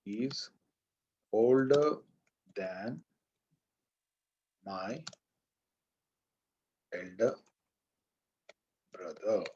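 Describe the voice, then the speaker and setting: Speaking on the low side, a man with an Indian English accent lectures a class on English grammar, asking questions and going back over what he has said. His tone is darkish and slightly rough, and the recording has its highs cut off.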